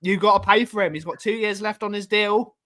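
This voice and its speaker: A man's voice: high voice, steady tone, a little fast, sharp tone. A man from Wales co-hosting a fan livestream, chatting casually and greeting viewers in the chat.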